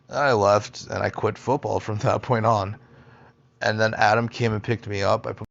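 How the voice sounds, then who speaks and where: A man's voice: lowish voice, little pitch movement, a little fast, vocal fry, lo-fi sound. A young man casually telling personal stories, rambling, swearing a lot and interrupting himself. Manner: rambling, profane, self-interrupting. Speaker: storyteller, podcaster.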